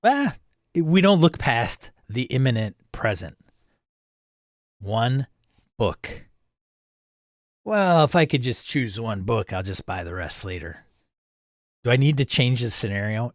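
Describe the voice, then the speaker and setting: Casually chatting on his livestream, a man reads out viewer comments and greets each person by name. His voice sits on the low side, his pace is measured with long pauses, and the audio is studio quality without echo.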